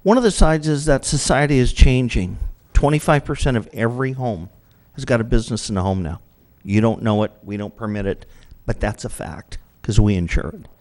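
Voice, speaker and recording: A man giving a blunt public comment at a city council meeting into a podium microphone, asking himself questions and answering them flatly. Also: mid-range voice, a little fast, few pauses.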